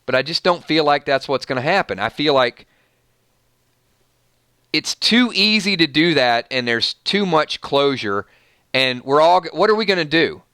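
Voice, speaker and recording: A man's voice: a little high, lively intonation, a little slow, pushed and bright, smooth, no echo. A man with a Southern US accent hosting a livestream, talking straight to his viewers and working himself up into an emphatic rant. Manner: emphatic, gets fired up and rants to viewers. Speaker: YouTube channel host. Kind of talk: livestream commentary and ranting.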